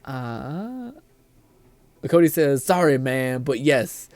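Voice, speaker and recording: A man's voice: medium pitch, big pitch swings, slow, darkish tone, no room sound. A young man streaming live, chatting casually, reading chat aloud, laughing often and swearing freely.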